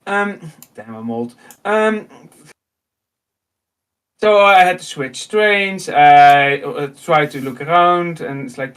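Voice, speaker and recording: A man in his thirties with a high voice and a Dutch accent, telling a story in relaxed chat. He jumps into the voices of the people in the story and laughs often as he goes. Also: slow pace, long pauses, clean tone. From Netherlands. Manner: animated, acts out dialogue, laughs often. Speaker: host.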